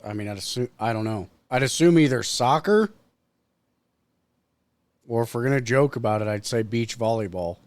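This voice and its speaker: A man's voice: mid-range voice, normal speed, long pauses, no echo. A man co-hosting a casual podcast, tossing in irreverent jokes. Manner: joking, irreverent banter. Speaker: podcast co-host.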